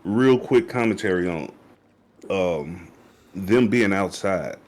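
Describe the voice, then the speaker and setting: A young man co-hosting a podcast, teasing his friend and joking in relaxed, slangy talk. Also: deep voice, slow. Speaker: podcast co-host. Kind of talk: casual reaction chat.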